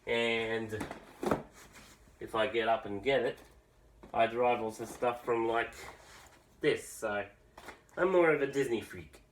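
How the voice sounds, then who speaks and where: A man's voice: mid-range voice, recorded from a distance, noisy background. A man, a musician rambling opinionated in a casual vlog, full of fillers and restarts. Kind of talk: casual vlog talk to camera.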